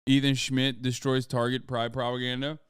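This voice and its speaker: A man's voice: mid-range voice, flat delivery, normal speed, clean tone, no echo, studio quality. A man hosting a livestream, giving casual commentary in a blunt, profane and heated way. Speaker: livestream host.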